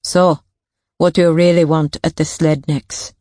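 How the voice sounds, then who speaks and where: A woman's voice: low voice, little pitch movement, unhurried, warm tone, no room sound, studio quality. A woman narrator voicing a guarded, needling female barkeep with a German accent.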